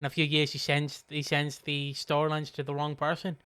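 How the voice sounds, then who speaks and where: A man's voice: a little high, completely flat delivery, a little fast, fairly bright tone, clear, resonant tone. A man co-hosting a casual podcast, rambling and joking with lots of fillers and swearing. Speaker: podcast co-host. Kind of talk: casual chat.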